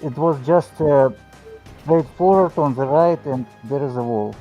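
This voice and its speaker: A man's voice: a little high, unhurried, muffled recording, soft background music. A man running a game as game master on a live stream, giving short, simple directions in slightly broken English. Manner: short, simple instructions with non-native grammar. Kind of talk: casual live-stream chat.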